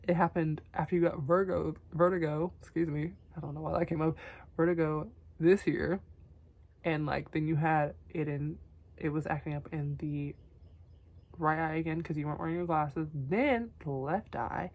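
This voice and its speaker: A young woman talking tenderly to herself on camera in a vlog, soft and often whispery, teary, her voice going hoarse. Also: sits low, steady tone, moderate pace. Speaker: vlogger. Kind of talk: emotional self-talk to camera.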